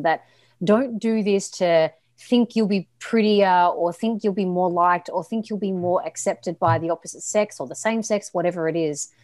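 An animated Australian woman, a coach, chatting casually on a podcast. She laughs easily and swears freely, and her voice comes across dry and close with no room sound. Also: mid-range voice, no echo.

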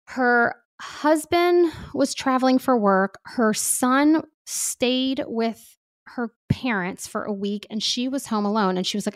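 A woman speaking as a parenting expert guest in casual podcast talk, animated and chatty with lots of fillers. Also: on the high side, slow, no room sound, clean studio sound.

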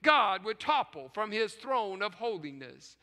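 A man preaching a sermon to a live congregation, swinging from hushed low passages to loud shouted peaks. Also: very animated, measured pace, long reverb tail. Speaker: pastor. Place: large church sanctuary with choir and orchestra. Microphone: live stream.

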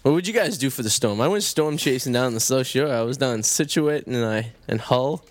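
A man's voice: mid-range voice, animated, a little fast. A man with a Boston accent hosting a casual radio talk show, joking and swearing, full of "uh" fillers. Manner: loose, swearing, stumbling with fillers. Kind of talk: casual studio banter. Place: radio studio.

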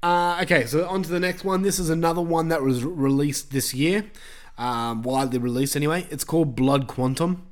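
A man's voice: a little high, brisk. A man hosting a podcast in an easy, casual way. He talks loosely, trips over restarts and fillers, and swears freely. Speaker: podcast host.

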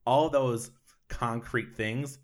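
A man hosting a casual interview, talking in a conversational, rambling way that trails off softer at the ends of phrases. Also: mid-range voice, steady tone, slow pace. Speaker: host, interviewer.

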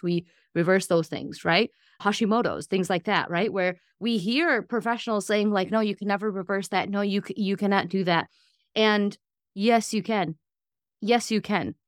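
A woman's voice: mid-range voice, no echo, studio quality. A woman in her thirties, a gut health practitioner hosting a podcast, talking animatedly with lots of fillers and asides. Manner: animated, talks fast with many fillers and asides. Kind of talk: casual podcast conversation.

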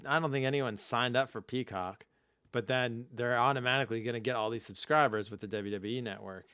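A man's voice: mid-range voice, a little fast, bright, forceful tone, clean tone, no echo, studio quality. A man co-hosting a casual podcast chat, jokey and rambling, often laughing. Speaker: podcast co-host.

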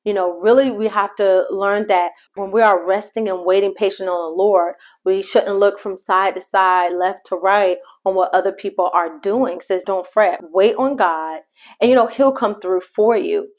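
A woman's voice: medium pitch, steady tone. A middle-aged woman hosting a devotional podcast, telling a personal story in a conversational way and talking straight to her listeners. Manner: shifts pace between slow emphasis and quick asides. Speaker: podcast host.

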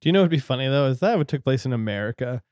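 A man's voice: mid-range voice, animated, racing, a little mellow, no room sound. A man with a mid-range voice trades jokes on a casual comedy podcast, riffing on silly ideas. The sound is dry and close. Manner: jokey, laughs between lines. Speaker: podcast co-host. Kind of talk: casual chat.

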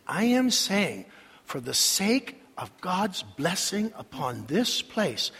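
An older man preaching a sermon in a church, dramatic, with long pauses and sudden swells of emphasis. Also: sits high, very animated, creaky, fairly bright tone, slightly rough. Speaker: senior pastor. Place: church sanctuary. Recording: reverberant church hall.

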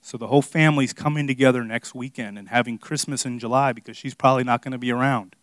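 A man's voice: mid-range voice, steady tone, fast talker, a bit bright, dry recording. A young man preaching a sermon in a casual, earnest storytelling way, full of fillers. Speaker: pastor teaching a Bible study.

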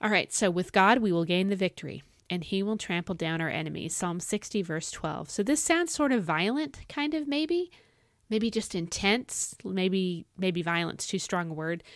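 A woman hosting a devotional podcast, earnest and encouraging, asking listeners direct questions and swinging from bright emphatic highs to soft low asides, her voice a little dry and cracking from thirst. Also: no echo. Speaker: podcast host.

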